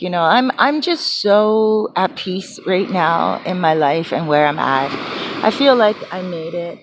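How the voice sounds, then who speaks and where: A woman's voice: fairly low pitch, noisy background. A woman vlogging from her small apartment, telling a rambling story full of fillers and restarts. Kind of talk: casual chatty storytelling.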